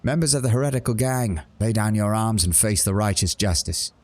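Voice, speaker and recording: A man's voice: lowish voice, a little fast, darkish tone, lightly acted. A man voicing a ruthless, self-righteous female rogue trader who declaims her orders in a tabletop role-playing game. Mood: commanding. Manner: imperious, declaiming.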